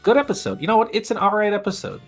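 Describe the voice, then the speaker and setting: A man's voice: sits high, sing-song, very fast, soft background music. A man co-hosting a podcast in casual chat, laughing often, swearing freely and rambling with fillers. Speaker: podcast co-host.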